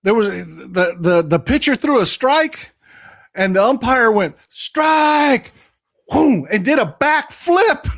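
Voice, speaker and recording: Animated man, lively pitch. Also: a little slow, creaky, dry recording, clean studio sound. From Texas. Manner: excitable, animated storytelling with loud exclamations. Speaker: livestream host. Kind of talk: casual chat.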